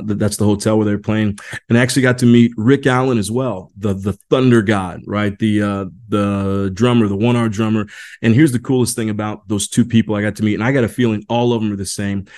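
A man's voice: on the low side, darkish tone. Chatty man on a group call. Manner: chatty, restarts and repeats words. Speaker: leadership series presenter. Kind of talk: informal talk on a group call, then reading an article aloud.

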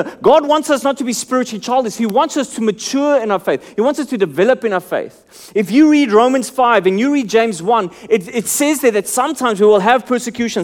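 A man preaches earnestly and searchingly, putting questions to his listeners and letting his voice drop low and soft to emphasize a point.

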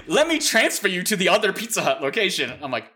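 A man in his thirties telling a story in casual chat, animated and exasperated, swearing freely. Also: high-pitched, fast.

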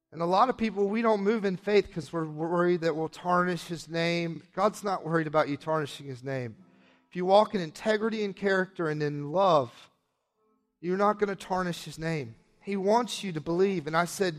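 A man preaching a sermon and telling a personal testimony, passionate, moving between hushed moments and excited shouts. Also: a little high.

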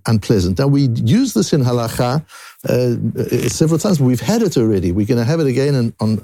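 A man's voice: medium pitch, gravelly, no echo. A man teaching a Daf Yomi Talmud lesson, with restarts and rising emphasis on key points. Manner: animated rising emphasis, frequent restarts, Hebrew and Yiddish terms.

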